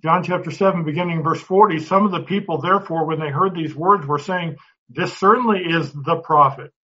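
The recording is dull and lo-fi: a man with a fairly high, bright, forceful voice speaks briskly as he teaches a Bible class. He talks conversationally, often restarting words and posing questions to the class.

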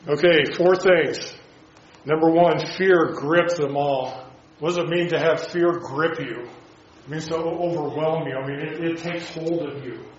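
Male preacher, slightly higher voice, halting delivery, muffled echoey church recording. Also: slight background noise. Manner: halting, with many restarts and rhetorical questions. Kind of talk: sermon.

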